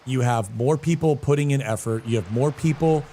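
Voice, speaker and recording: A man live-streaming a game, chatting casually with viewers in a slangy, animated way and answering chat messages. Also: mid-range voice, normal speed, slight background noise. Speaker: streamer and guild leader.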